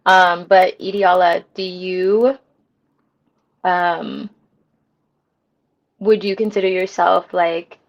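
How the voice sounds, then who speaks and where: A woman's voice: mid-range voice, vocal fry, poor audio. A woman hosting a casual live stream, reading viewer comments aloud and giving relationship advice with frequent laughter. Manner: laughs often, drawn-out reactions, many ums. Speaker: livestream host.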